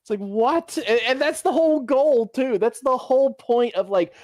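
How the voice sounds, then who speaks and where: Excitable laughing man on a podcast. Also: very high voice, normal speed, few pauses, no room sound, studio quality. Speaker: podcast co-host. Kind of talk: casual chat.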